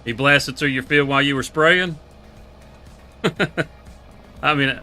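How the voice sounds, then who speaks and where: A man with a drawl chats through a live farming game stream, loose and laughing. His voice is bright and forceful, and faint music hums behind him. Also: medium pitch, slow. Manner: laid-back, laughing, drawling country talk. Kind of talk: casual live gameplay chat.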